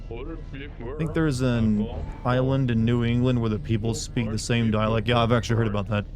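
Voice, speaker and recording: With a mid-range voice, a steady tone and a moderate pace, an American gamer from the United States chats and jokes with his live audience while playing. It's live gameplay commentary aimed at his chat.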